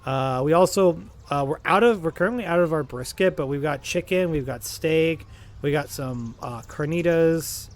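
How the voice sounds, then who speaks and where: A man's voice: fairly high pitch, moderate pace, close to an everyday voice. A man acting out a male burrito counter server taking an order in upbeat customer-service patter.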